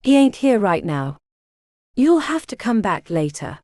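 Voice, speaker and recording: A woman's voice: mid-range voice, very animated, measured pace, a little mellow, no room sound. A woman voicing a whiny, distracted female desk attendant in an audiobook, dismissive and bored.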